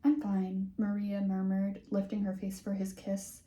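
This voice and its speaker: A woman's voice: medium pitch, monotone, normal speed, warm tone. Young woman, casual book reader, dry sarcastic commentary, room echo. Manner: wry, sarcastic asides. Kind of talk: reading a teen novel aloud with commentary. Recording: roomy echo.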